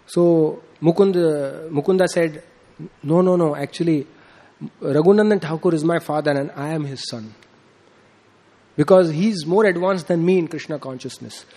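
A man's voice: moderate pace, mellow. A man giving an informal devotional sermon, telling a story with acted-out dialogue and many fillers. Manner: acts out quoted dialogue with rising pitch, frequent fillers. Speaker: speaker giving a devotional talk.

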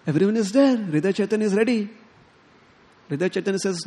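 A man giving a sermon, telling a devotional story in an animated way and acting out the characters' lines. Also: sits high, fast, creaky. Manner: animated, quotes characters in lively tones, chuckles often. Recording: long hall reverb.

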